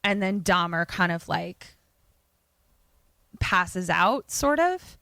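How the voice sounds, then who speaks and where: A woman's voice: fairly low pitch, lively intonation, slow pace, gravelly, a bit bright, dry recording. Young woman podcast host retelling a horror movie, chatty, swears a lot, dry close mic. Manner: chatty and profane, with many fillers. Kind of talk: casual film recap.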